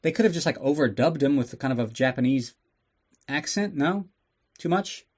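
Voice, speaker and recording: A man's voice: on the high side, animated, normal speed, darkish tone. A man hosting a podcast who recaps a film in a casual, sarcastic way, swearing and riffing as he goes. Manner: sarcastic and profane, riffing on the plot. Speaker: podcast host. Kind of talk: casual comedic movie recap.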